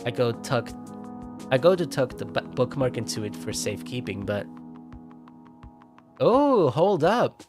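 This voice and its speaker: A man streaming himself reading a visual novel aloud, expressive, with sudden yelps and laughs. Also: mid-range voice, normal speed. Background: game music.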